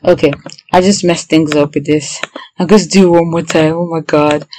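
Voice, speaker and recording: A young woman who is a PhD student and podcaster records a casual video diary, sounding anxious and excitable and frequently bursting into prayerful exclamations. Her voice is low and her pace moderate, and the poor audio carries slight background noise.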